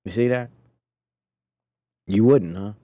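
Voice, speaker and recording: Low-voiced man preaching over clips. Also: slow pace, dark tone, slight background noise. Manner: preachy, indignant, talks to chat. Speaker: podcast host. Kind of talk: commentary on clips.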